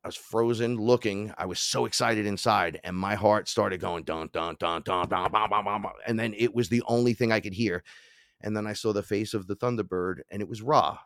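A middle-aged man, a podcast guest, telling an animated personal story and acting out the voices of the people in it. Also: brisk, vocal fry, dry recording, studio quality. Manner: acts out quoted voices, jumps in pitch and loudness.

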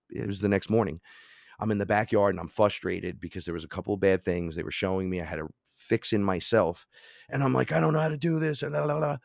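A middle-aged man with a low voice tells a sprawling personal story as a podcast guest. He throws himself into the quoted voices, jumping up in pitch and loudness to act them out. The sound is dry and close to the mic. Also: creaky, no echo. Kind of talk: animated storytelling.

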